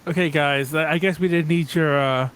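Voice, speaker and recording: A man's voice: on the high side, steady tone, moderate pace, a bit bright, slight background noise, lightly acted. A man playing a courteous young male elf adventurer who speaks politely, with hesitations.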